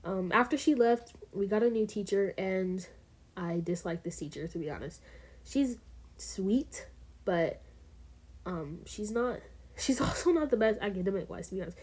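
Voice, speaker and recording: A woman's voice: medium pitch, animated, moderate pace, darkish tone, breathy edge. Chatty teenage girl telling a story. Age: teens. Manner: chatty, rambling, full of fillers and asides. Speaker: vlogger. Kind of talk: casual storytime vlog.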